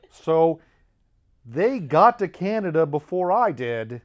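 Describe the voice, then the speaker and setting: Chuckling man with a higher voice. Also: sing-song, slow, highs cut off. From United States. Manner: rambling, chuckles often through his anecdotes. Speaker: podcast host. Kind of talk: comic storytelling monologue.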